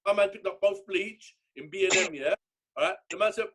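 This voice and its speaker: A man, telling stories in a lively, swearing casual chat. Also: high voice. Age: 30s. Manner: fast, lively storytelling with swearing. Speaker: podcast host.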